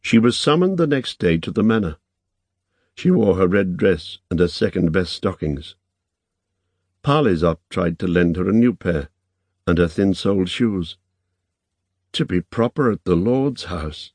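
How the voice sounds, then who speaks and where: A man narrates a novel in a measured, even storytelling manner. His voice is very deep, and the recording is dry and close to the mic. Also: slightly rough, no room sound. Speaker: audiobook narrator. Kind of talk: scripted narration.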